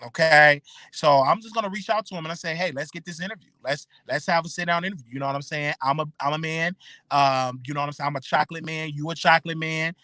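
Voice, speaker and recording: This show host speaks fast at a fairly high pitch, his tone sharp and the sound free of echo. Talking straight to his audience in a loose, chatty commentary, he often says things twice and restarts his words.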